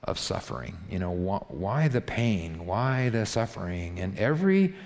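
A man's voice: lowish voice, sing-song, measured pace, a little mellow. A man preaching a sermon in a conversational style that builds to impassioned rhetorical questions. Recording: long reverb of a large hall.

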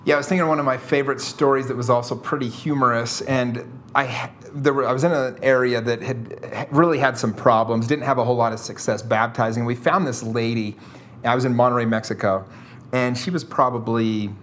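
Laughing man telling an animated story. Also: medium pitch, a little fast, a little hiss or hum. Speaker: guest telling a mission story. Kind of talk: casual storytelling.

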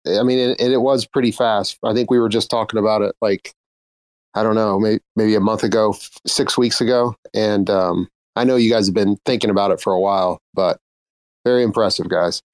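Halting low-voiced man, dry sound. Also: steady tone, no room sound. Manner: halting, self-correcting, complimentary. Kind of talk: casual chat.

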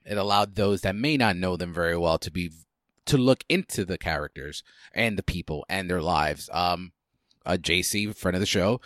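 A man with a very low, deep voice talks through film picks in an easygoing, meandering way. He often stops and restarts his sentences. The sound is dry and close, with no room echo. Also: a bit bright. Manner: chatty, hesitant with many restarts and fillers. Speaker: podcast co-host. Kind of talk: casual film discussion.

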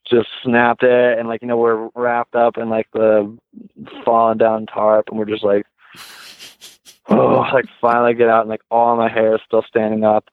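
A man's voice: medium pitch, a little slow, no room sound. Man telling stories on a phone line. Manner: heavy use of "like", lively retelling. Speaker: guest. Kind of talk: casual storytelling. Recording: tinny phone line, dry.

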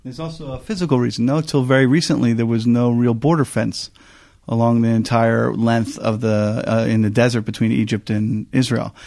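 A man co-hosting a talk show, introducing a guest with a halting, filler-filled delivery. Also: mid-range voice, level tone, gravelly, darkish tone, no echo, clean studio sound. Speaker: co-host. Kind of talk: podcast conversation.

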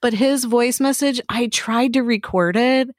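A woman co-hosting a podcast, telling stories in an animated way and swearing freely. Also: a little high, a little slow, dry recording, studio quality. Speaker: podcast co-host. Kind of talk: casual chat. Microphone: studio microphone.

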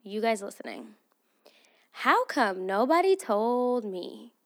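A young woman hosts her own podcast in a loose, chatty way, her fairly high voice stuffy and nasal from allergies. She swears freely and teases her listeners with animated, scolding banter. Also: moderate pace. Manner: profane, animated, playfully scolding. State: congested from allergies. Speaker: podcast host. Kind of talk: casual chat.

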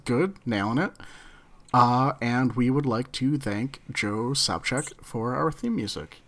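A man's voice: mid-range voice, slow pace, a bit bright. A man co-hosting a podcast in casual chat, joking in a dry way as he reads the outro. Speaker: podcast co-host.

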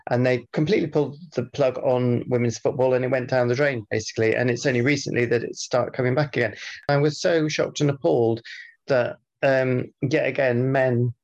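A man's voice: medium pitch, steady tone, fairly quick, a little mellow, muffled recording. A man co-hosting a podcast in casual chat, reading out listener feedback and rambling with many fillers and restarts. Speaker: podcast co-host.

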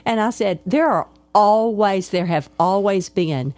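Woman, Arkansas Southern accent, ministry host, relaxed repeating drawl. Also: medium pitch, unhurried, no echo. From Arkansas, USA. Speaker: ministry leader and podcast host. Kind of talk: casual chat.

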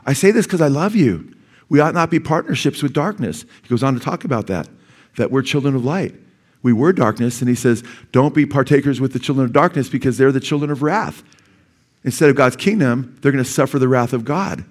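A man's voice: mid-range voice, lively intonation, fairly quick, darkish tone. A man preaching a sermon as pastor, earnest and urgent, with sudden emphatic rises in his voice. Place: church sanctuary.

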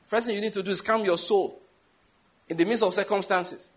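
Husky high-voiced Nigerian preacher. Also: male voice, fairly even intonation, brisk. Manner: emphatic storytelling, often jumping high and loud for stress. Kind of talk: sermon.

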